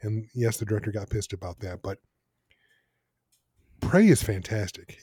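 A man's voice: lowish voice, expressive, moderate pace, pauses often, mellow, slightly rough, no echo. Teasing man co-hosting a podcast. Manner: wry, teasing. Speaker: podcast co-host. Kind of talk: casual chat.

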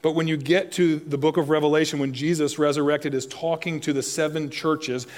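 A man preaching a sermon as pastor, swinging from loud emphatic lines to soft, hushed appeals and asking the listeners direct questions. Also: a little high, steady tone, fairly quick. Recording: long reverb of a large hall.

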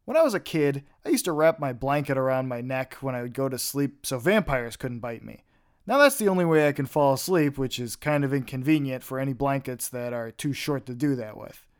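A man's voice: medium pitch, smooth. A young man hosting a podcast, telling stories in a rambling, offhand way with casual swearing. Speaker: podcast host. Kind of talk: casual storytelling monologue.

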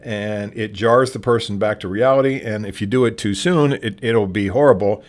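Plainspoken low-voiced man giving training. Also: moderate pace. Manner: plainspoken, restarts often and acts out sample dialogue. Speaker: trainer on patron de-escalation. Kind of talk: conversational training talk.

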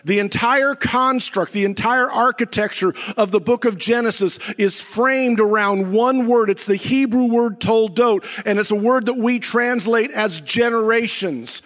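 A man pastor preaching a sermon, swinging from near-shouts down to low, slow emphasis with dramatic pauses. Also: long reverb tail.

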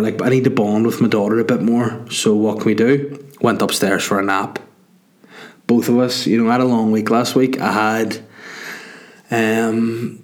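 A man's voice: lowish voice, darkish tone. A young man, a comedian hosting his own podcast, chatting casually in a rambling, self-mocking, sweary way and sounding tired. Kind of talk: casual solo podcast chat.

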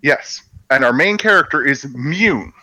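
Bright-voiced male podcast co-host. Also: a little high, expressive, a little slow, dry recording, rough recording. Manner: enthusiastic, rambling with restarts. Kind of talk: casual podcast chat.

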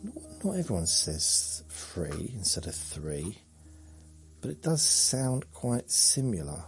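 A man with a low voice talks slowly through a rambling sleep-podcast monologue. He muses in a dry, self-mocking way, and faint music plays underneath. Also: big pitch swings. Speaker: podcast host.

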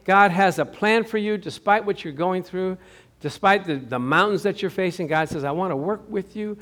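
A man's voice: high voice, normal speed. A man preaching a sermon as pastor, telling stories with acted-out quotes and putting questions to the congregation. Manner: lively storytelling with acted-out quotes, asks the audience questions.

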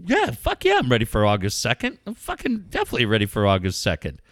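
A man hosting a casual podcast chat, telling stories with lots of swearing and loud acted-out quotes. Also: mid-range voice, quick pace, no echo, studio quality. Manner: animated storyteller, swears a lot, acts out quotes loudly. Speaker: podcast host organizing a charity event.

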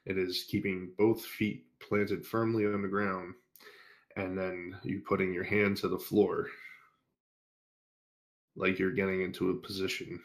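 A man's voice: deep voice, a bit bright. A young man telling a crude, profanity-filled anecdote in a casual chat, acting out the quotes of the people in it. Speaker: guest storyteller.

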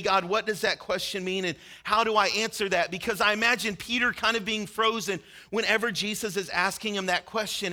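High, bright-voiced man preaching a sermon. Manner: earnest storytelling, acting out quoted lines with rising intensity. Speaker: pastor.

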